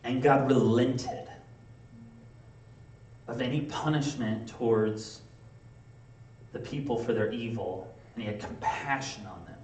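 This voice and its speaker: A man preaching a sermon in a casual, conversational way, acting out quick playful asides. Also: mid-range voice, darkish tone, slight background noise. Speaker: pastor. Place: church sanctuary. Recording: echoey room, mic from a distance.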